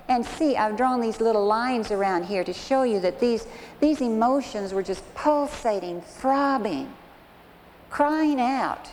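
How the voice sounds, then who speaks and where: A woman's voice: fairly high pitch, animated, unhurried, a little mellow. A woman, a Christian counselor, tells a counseling story in an earnest sermon style with direct asides to her listeners. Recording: long hall reverb, faint noise.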